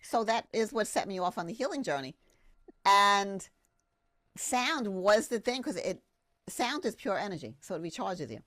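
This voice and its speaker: A woman, a sound therapist guesting on a podcast, telling a story in an enthusiastic, expressive, rambling way. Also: mid-range voice, normal speed, dry recording. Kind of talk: animated storytelling.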